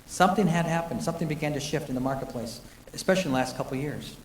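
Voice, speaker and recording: A man's voice: fairly high pitch, very fast, a little hiss or hum. A man sharing a personal faith testimony, telling it earnestly with frequent restarts. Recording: echoey hall from a distance.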